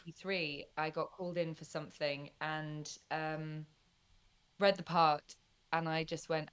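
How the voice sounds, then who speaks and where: A woman from Wales, a guest voice actress, chatting warmly in an interview. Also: low-pitched, little pitch movement, measured pace, smooth. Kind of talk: casual interview chat.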